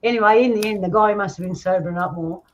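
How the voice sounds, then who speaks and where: An Australian woman hosts a casual chat, spinning stories and laughing often. Her mid-range voice moves quickly, and the recording is dull and lo-fi with faint noise.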